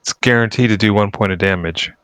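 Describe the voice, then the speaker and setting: A man playing a tabletop game, speaking in a matter-of-fact, deadpan way. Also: on the low side, a little fast, clear, resonant tone, no room sound. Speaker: player. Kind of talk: casual tabletop game chat.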